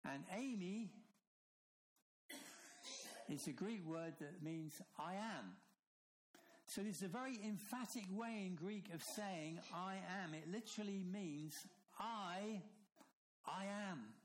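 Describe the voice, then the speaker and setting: Preacher, emphatic, slowing on key lines. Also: male voice, a little hiss or hum, poor audio. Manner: emphatic, slows and drops low on key phrases. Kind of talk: sermon.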